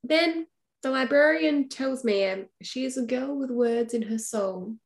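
Higher-voiced woman chatting about a book. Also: measured pace. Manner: chatty, explaining comparisons. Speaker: podcast co-host. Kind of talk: casual book chat.

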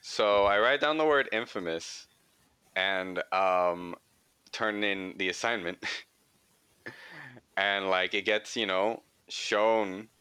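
A young podcast host recounts a childhood story in a casual chat, rambling and swearing, with "like" filling his sentences. His low voice is pushed and bright with a clean tone, and there's no room sound.

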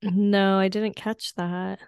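A woman co-hosting a casual podcast, giving slow, frank reactions to a reality show. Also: mid-range voice, little pitch movement, darkish tone, clean tone, dry recording, studio quality. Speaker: podcast co-host. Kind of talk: casual chat.

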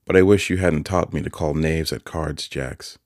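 A man voicing a troubled young boy in an audiobook, quiet and downcast, close to his own reading voice. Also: extremely low pitch, moderate pace, no echo.

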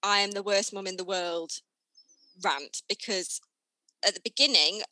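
Woman, podcast co-host, bright tone, candid animated storyteller. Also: medium pitch, a little slow, dry recording, low-quality recording. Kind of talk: casual chat.

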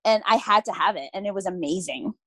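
A young woman co-hosting a casual book chat, animated and quick to act out what people said. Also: mid-range voice, no echo. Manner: animated, acts out quoted lines, laughs often. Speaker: podcast co-host. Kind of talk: casual chat about books.

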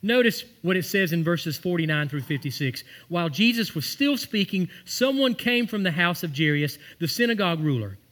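A man preaching a sermon, weaving everyday stories into his message. His voice sits high and rings bright and forceful. He climbs to emphatic peaks when he quotes scripture. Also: expressive, moderate pace, hardly any pauses. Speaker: pastor.

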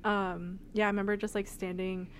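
Medium in pitch and fairly flat in intonation, a young woman speaks at a normal speed while co-hosting a podcast. She rambles casually, laughing and using plenty of fillers, and a little hiss or hum runs under the recording.

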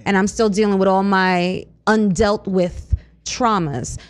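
A woman co-hosting a radio talk show, chatting casually and telling animated stories with frequent laughs. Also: medium pitch, a little slow. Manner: animated, storytelling, laughs often. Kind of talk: casual chat.

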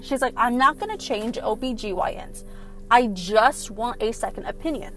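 A young woman casually retelling a film plot, animated and profane, with lots of fillers. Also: fairly high pitch, moderate pace, a little hiss or hum. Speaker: film recapper. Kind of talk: casual storytelling recap.

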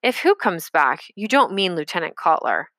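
A woman's voice: on the low side, big pitch swings, normal speed, fairly bright tone, no echo. Woman reading as an eager young boy. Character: young boy, curious and well-meaning.

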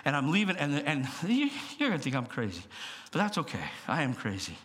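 A man preaching as pastor in a church, telling stories with animated swings between hushed asides and loud bursts. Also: fairly high pitch, a little fast. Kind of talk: sermon.

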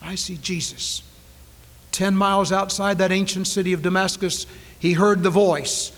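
This 1990s church recording, with a long reverb tail, features a high-voiced male preacher at a moderate pace with little pitch movement. He delivers a dramatic sermon, repeating key phrases and shifting from loud proclamations to hushed words.

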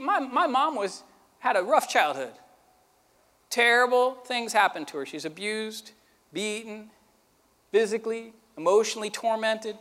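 A man preaching a sermon as pastor, earnest and shifting between quiet, tender stretches and emphatic, rising ones. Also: high-pitched, long reverb tail.

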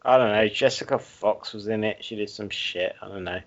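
A man's voice: on the low side, fairly quick, dull audio. A man ranting and joking in casual podcast banter, swearing often and laughing a lot. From England. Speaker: podcast co-host.

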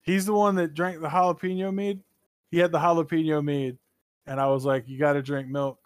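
A man co-hosting a casual gaming podcast, talking in an animated, profane, rambling way with sudden jumps in pitch. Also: a little fast, smooth, dry recording. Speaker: podcast co-host.

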